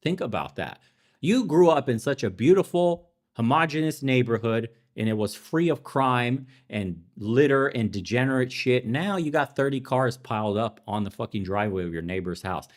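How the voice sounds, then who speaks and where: A man's voice: medium pitch, expressive, moderate pace, few pauses. A young adult man hosting a podcast, ranting in heated political commentary with sarcastic, profane, mocking asides. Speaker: podcast host.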